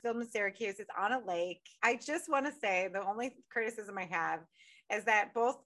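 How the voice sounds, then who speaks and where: A woman's voice: medium pitch, normal speed. A woman from Upstate New York hosting a casual podcast, telling stories with lots of cursing and frequent laughter. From Utica, New York. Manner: profane, laughs often, animated storytelling. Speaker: podcast host.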